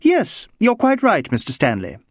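A man playing a cool, brisk Englishwoman doctor with a crisp English accent and a curt, sardonic manner. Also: medium pitch, wildly swooping pitch, dry recording, clean studio sound, pitched above the performer's own voice. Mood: mocking.

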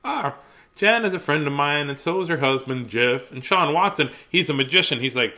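A man's voice: on the high side, expressive, normal speed, bright, forceful tone. A middle-aged man, chatting casually and greeting viewers by name at home before reading a children's book aloud. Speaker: children's book reader on a livestream.

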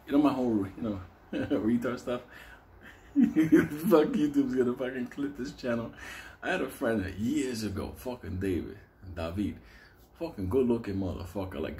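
A man's voice: fairly low pitch, darkish tone, a little hiss or hum. A man telling a comic story in a loose, profane way, chuckling as he goes.

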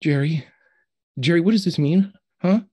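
A man voicing a confused, tearful teenage boy in a tabletop game, pleading and halting, repeating himself. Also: on the low side, a little mellow, slightly rough. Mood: upset.

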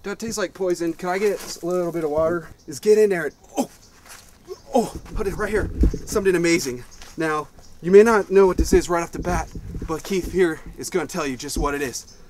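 A man playing an overblown wildlife explorer in a comedic mock nature documentary, talking with excitable bravado outdoors in the brush. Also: on the high side, a little fast, slight background noise. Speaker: spoof wildlife explorer host.

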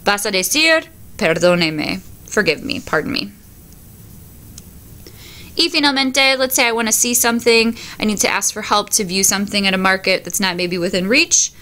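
A woman's voice: medium pitch, normal speed, sharp tone. A woman teacher reads Spanish words one by one, then explains each in for her class. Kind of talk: recorded vocabulary lesson.

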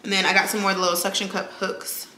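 A woman's voice: mid-range voice, flat delivery, quick pace, noisy background. A young woman, chatting casually to her viewers in a home vlog. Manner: chatty, talks to viewers as y'all. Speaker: vlogger. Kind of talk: casual vlog chat to camera. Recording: echoey room with kitchen clatter.

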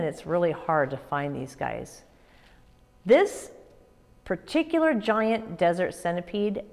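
A woman children's pastor giving a kids' church lesson, upbeat and expressive as she tells stories to children. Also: medium pitch. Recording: echoey room with long reverb.

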